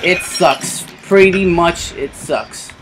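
A man giving casual commentary over his own online shooter match, excitable and swearing constantly, yelping when something sudden happens. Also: on the high side, slow, loud music behind the voice. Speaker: gamer doing live commentary.

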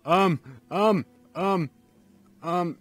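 A man's voice: high-pitched, drawn-out words, no echo. A man giving goofy, rambling commentary while playing a video game. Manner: goofy, rambling, lots of ums. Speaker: let's play host. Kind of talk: casual gameplay commentary.

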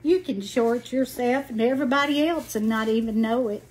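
A woman's voice: fairly high pitch, moderate pace, darkish tone, a little hiss or hum. A woman in her late sixties with a Southern Alabama accent, hosting a casual craft livestream and chatting folksily while she works. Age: 60s. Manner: folksy, chatty, greets viewers by name.

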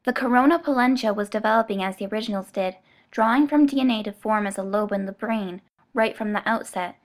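In a measured, even way, a woman tells a story as scripted audiobook narration, speaking in a mid-range voice.

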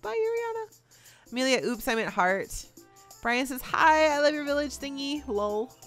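A woman's voice: sits high, normal speed, fairly bright tone. A young woman chatting casually as a gaming YouTuber, reading out fan messages in a bubbly, giggly way. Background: faint game music.

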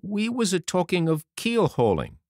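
A man's voice: high-pitched, huge pitch swings, normal speed, darkish tone, no room sound, clean studio sound, voice pushed up. A man doing a sheepish old sailor. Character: old grey-haired sailor, sheepish and slow-witted.

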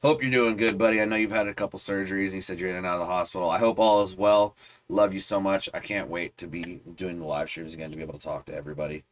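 Low-voiced easygoing man co-hosting. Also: steady tone, rapid-fire. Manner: easygoing, warm, thanks viewers. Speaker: co-host of a music video reaction channel. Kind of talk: casual chat reacting to a music video.

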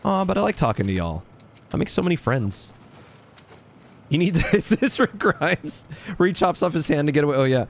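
A man's voice: fairly high pitch, very animated, a little fast, creaky. A young man chatting casually on a live game stream, thanking viewers by name and laughing often.

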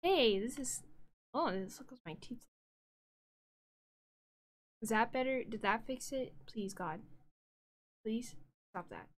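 A woman livestreamer chatting casually and directly to her viewers, flustered and talking things through out loud. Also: fairly high pitch, expressive, slow pace, long pauses. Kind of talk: casual live-stream chat.

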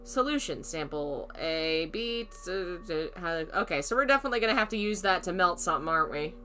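A woman's voice: lowish voice, expressive, brisk, bright, forceful tone, soft background music. A woman streaming a horror game, chatting casually, thinking aloud, greeting viewers and laughing often. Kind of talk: casual let's-play commentary.

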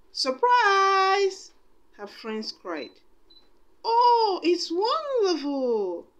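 A woman reading a storybook aloud expressively, with chatty asides to her listeners. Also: medium pitch.

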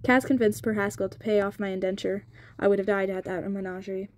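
A woman reading the lines of a resolute young female thief in a storybook reading, quiet and firm. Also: medium pitch, level tone, fast talker, lightly acted.

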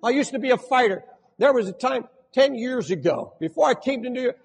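An older man preaching a sermon as pastor, swinging between loud impassioned outbursts and hushed pleading. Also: very high-pitched, expressive, a little fast, creaky, breathy edge, big-room sound.

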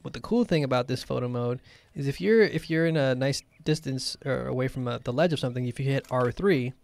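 A man's voice: medium pitch, a little fast, vocal fry, darkish tone, dry recording. A man hosting a casual gameplay stream, chatting loosely with lots of fillers. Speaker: stream host.

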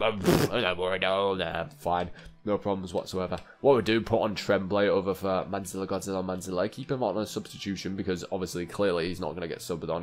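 Chatty young man, gaming commentary. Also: low-pitched. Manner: chatty, joking, talks to the game players, laughs often. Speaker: gaming YouTuber. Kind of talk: casual gameplay commentary.

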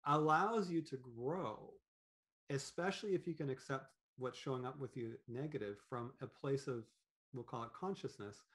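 A man talking as a podcast guest in an animated, rambling way, with many fillers and restarts. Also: medium pitch, moderate pace. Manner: animated, acts out quoted thoughts in voices. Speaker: podcast guest, business owner. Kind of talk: conversational interview.

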